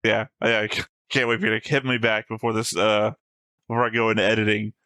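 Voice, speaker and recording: A man's voice: fairly low pitch, flat delivery, fast talker, pushed and bright, clean tone. A man co-hosting an anime reaction show, chatting casually and reading his notes in a dry, contrarian way.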